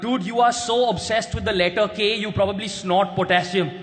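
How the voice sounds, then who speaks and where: A young man with an Indian English accent doing a brash stand-up roast on stage, shouting his punchlines. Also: sits high, steady tone, brisk. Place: large hall with a live audience. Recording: roomy hall, crowd and noise behind.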